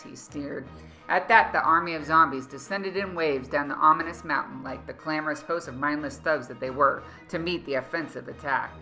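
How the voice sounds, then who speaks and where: A woman with a low-pitched, bright and tense voice reads a fantasy story aloud. Her narration is dramatic and expressive, with faint music playing underneath. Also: moderate pace, low-quality recording.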